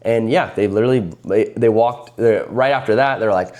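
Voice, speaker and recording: A man with a low, mellow, warm voice tells a story to camera in a casual, rambling way. He restarts his sentences often and acts out the people he is talking about. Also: moderate pace. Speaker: card vendor vlogger.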